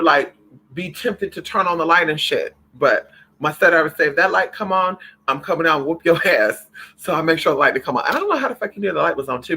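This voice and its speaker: A man hosting a spiritual livestream, chatting casually with viewers in an animated, profane way, calling them honey and girl. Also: on the high side, husky, poor audio.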